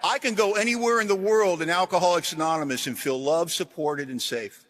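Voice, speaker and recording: A middle-aged man giving a recovery talk to a large audience, telling self-deprecating stories with punchy one-liners and shifting from loud jokes to quiet earnestness. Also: high-pitched, a little fast, a little hiss or hum. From Washington, USA. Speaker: AA convention speaker.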